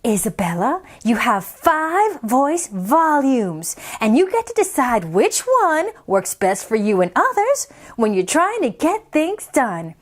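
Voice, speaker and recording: A woman voicing a patient, kindly schoolteacher in a storybook, explaining calmly and gently. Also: sits high, slow pace, full character voice. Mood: gentle.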